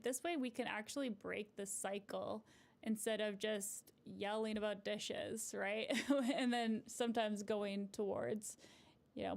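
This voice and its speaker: A woman therapist talks through relationship advice on a live stream, pausing to answer viewer comments as they come in. Her voice sits at an ordinary middle pitch. She explains things in a gentle, encouraging way and keeps tagging her points with a friendly "right?". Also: vocal fry. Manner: conversational, often ends points with a checking "right?". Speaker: couples therapist.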